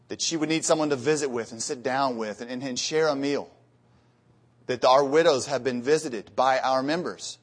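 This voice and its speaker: A man preaching a sermon, earnest and building to emphatic peaks, often repeating words as he goes. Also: medium pitch.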